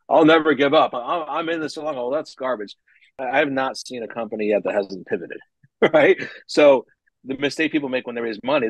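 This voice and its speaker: Guy telling startup war stories on a podcast, super animated, acts out the dialogue, dry close sound. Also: mid-range voice, slightly rough, no room sound, poor audio. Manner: animated, acts out quoted dialogue, frequent laughs. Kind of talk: casual business podcast storytelling.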